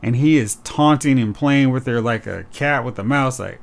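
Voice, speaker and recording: A man hosting a casual podcast chat, talking animatedly and acting out character lines in quick impressions. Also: medium pitch, lively intonation, gravelly. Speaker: podcast host.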